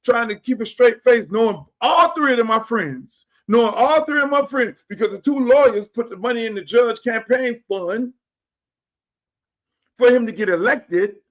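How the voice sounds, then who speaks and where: A very high-pitched man at a moderate pace rants through a streaming setup mic to viewers of his own show. He keeps it casual but blunt, profane and full of slang.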